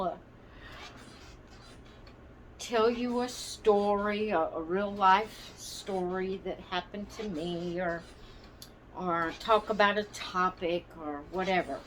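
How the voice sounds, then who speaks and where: A woman's voice: fairly low pitch, fairly bright tone, slight background noise. A woman hosting her doll channel, chatting casually and apologetically with viewers from her rocking chair, rambling and searching for words. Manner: slow, rambling, apologetic, hesitant. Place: at home, seated in a rocking chair.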